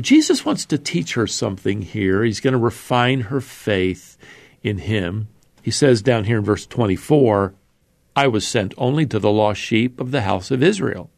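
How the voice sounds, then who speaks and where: A man's voice: medium pitch, vocal fry, a little mellow. A man teaching through a Bible passage verse by verse in a conversational, explanatory way, with fillers and restarts.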